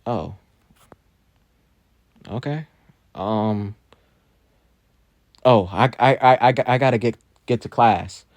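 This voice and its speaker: A man doing a jittery teenage schoolboy who trips over his words, repeating himself as he scrambles to explain. The voice sits fairly low and sounds dry and close, with no room echo. It is a fan storybook reading. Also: fairly even intonation, moderate pace, dark tone, lightly acted. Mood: flustered. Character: nervous stammering teenage boy student.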